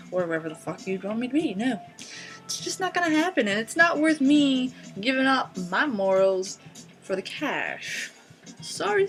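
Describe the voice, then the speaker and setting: Animated profane young woman ranting. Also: mid-range voice. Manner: sarcastic, profane, exasperated ranting. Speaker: vlogger. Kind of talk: ranting vlog.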